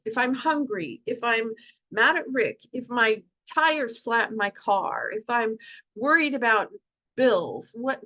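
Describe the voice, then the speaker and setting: A woman's voice: sits high, a bit bright. Passionate middle-aged woman sharing her story. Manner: passionate, heartfelt, storytelling with quoted asides. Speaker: guest speaker at support group. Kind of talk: emotional personal talk to an online group.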